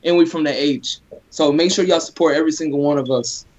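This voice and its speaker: A man co-hosting a casual sports talk stream, reeling off eager shout-outs. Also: on the high side, fairly quick. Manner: eager shout-out roll call. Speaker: co-host. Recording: dull lo-fi audio.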